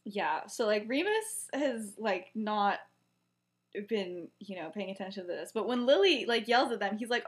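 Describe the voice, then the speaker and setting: A woman's voice: mid-range voice, expressive, moderate pace. Young woman on a podcast, rambly, lots of um and like, acts out the lines. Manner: rambling, many fillers, acts out quoted lines. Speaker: podcast co-host. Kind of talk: casual chat retelling a story.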